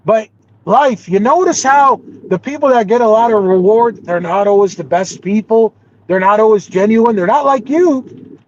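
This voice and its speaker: A man hosting a casual live panel discussion, rambling and animated, often calling people bro. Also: high voice, normal speed. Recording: dull lo-fi audio with faint noise.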